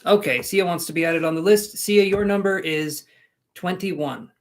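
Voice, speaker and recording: A man's voice: high voice, normal speed. A man giving live-stream tarot readings, chatty and rambling, making jokes at his own expense. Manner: rambling, self-mocking, chatty. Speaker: tarot reader.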